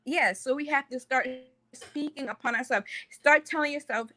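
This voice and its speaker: Calm encouraging woman, dry close sound. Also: high-pitched, normal speed, no echo. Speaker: guest. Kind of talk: motivational talk.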